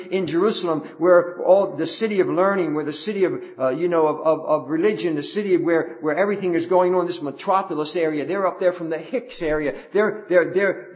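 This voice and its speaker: A man's voice: sits high, highs cut off. A man preaching a sermon, emphatic and repetitive, often restarting his phrases.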